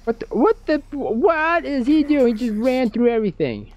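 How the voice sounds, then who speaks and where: A man streaming a horror game, giving excitable, jokey commentary and talking to himself. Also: very high voice, moderate pace. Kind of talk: let's play commentary.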